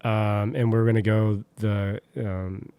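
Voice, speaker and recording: A man's voice: lowish voice, flat delivery, takes it slowly, mellow, smooth, no room sound. Casual joking man on a podcast. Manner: joking, rambling with fillers. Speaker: podcast co-host. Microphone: close podcast mic.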